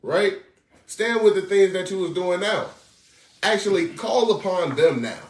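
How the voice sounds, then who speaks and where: Street preacher, male, animated and slangy, fairly high voice, recorded far off in an echoey room. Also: a little slow. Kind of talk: sermon commentary on scripture.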